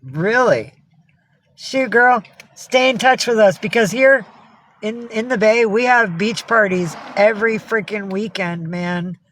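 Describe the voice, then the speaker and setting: A woman's voice: medium pitch, unhurried, a bit bright, slight background noise. A woman from upstate New York hosting a casual livestream, chatting with viewers, greeting them by name and swearing freely. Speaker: livestream host.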